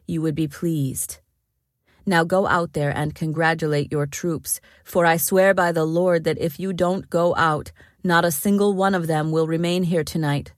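A woman's voice: fairly low pitch, no echo, studio quality, lightly acted. A woman voicing a stern army commander who firmly scolds his king. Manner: firm, scolding.

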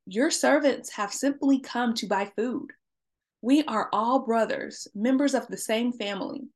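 A woman's voice: on the high side, measured pace, lightly acted. A woman reading the lines of a group of anxious grown brothers, in an earnest, pleading way.

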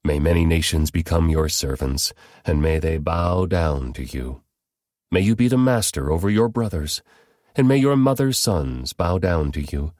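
A man voicing an aged, grave father who speaks in slow, solemn pronouncements. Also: low-pitched, lively intonation, darkish tone, dry recording, clean studio sound.

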